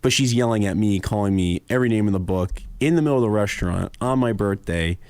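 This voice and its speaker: A young man hosting a podcast tells a story in casual chat, animatedly acting out lots of quoted voices. His voice is on the low side and fast, and the recording is dry.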